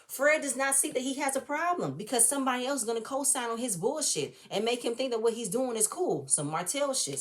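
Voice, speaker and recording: A woman giving a blunt, fired-up, profane recap and review of a reality show episode. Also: fairly high pitch. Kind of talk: casual opinionated recap.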